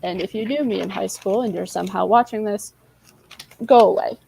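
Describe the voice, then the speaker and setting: Talking quickly in a gravelly, slightly mellow mid-range voice, this twenty-something livestream co-host rambles candidly and self-deprecatingly, often losing track of her point. The recording is rough, with a bit of hiss or hum.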